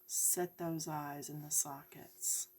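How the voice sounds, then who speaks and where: A woman's voice: deep voice, flat delivery, takes it slowly, darkish tone, slight background noise. A woman giving a chatty coloring lesson, talking directly to her viewers. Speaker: coloring tutorial host.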